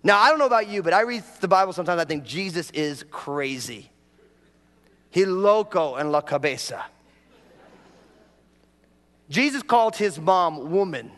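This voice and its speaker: A pastor from New York preaching a humorous sermon, telling stories with lively acted-out prayers. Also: male voice, high-pitched, moderate pace, long pauses. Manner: animated storytelling, acts out prayers in a raised voice. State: a bit dehydrated after travel. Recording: hall reverb.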